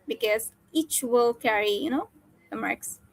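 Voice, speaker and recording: A woman teacher runs an oral exam, her voice sitting somewhat high. She reads out each question and gives brisk instructions. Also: rough recording. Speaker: teacher examining. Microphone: online call.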